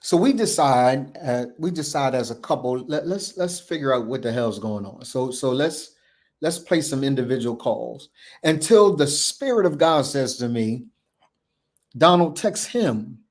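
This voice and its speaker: A man's voice: mid-range voice, animated, moderate pace, darkish tone. Male podcast host, storyteller, emphatic and repetitive delivery with acted-out dialogue. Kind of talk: personal storytelling.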